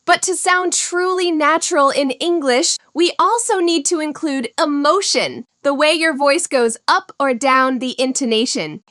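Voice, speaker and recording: A woman teaching English in a scripted lesson, speaking slowly, clearly and encouragingly. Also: high-pitched, a bit bright, dry recording, clean studio sound.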